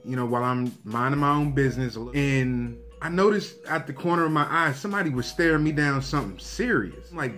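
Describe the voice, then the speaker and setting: A young man vlogger telling a story to his viewers, animated and profane, acting out the lines of the people in it. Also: medium pitch, brisk, few pauses, faint music behind. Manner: animated, profane, acts out quotes. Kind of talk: casual storytelling to camera.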